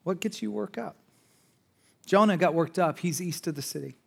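A man preaching a sermon as pastor, conversational, moving between urgent raised passages and hushed, quiet asides. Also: high voice, normal speed, gravelly, breathy edge. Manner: conversational, with fillers and restarts.

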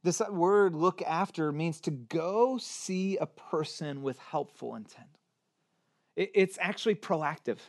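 Man preaching in a relaxed, chatty way. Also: a little high, slow. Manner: conversational preaching with wide swings from loud to hushed. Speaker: pastor. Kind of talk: sermon.

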